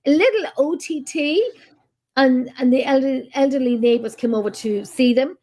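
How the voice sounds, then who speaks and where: This co-host's voice is high and darkish, moving at a moderate clip. She rambles through exclamatory stories during a relaxed live-stream chat held over video call.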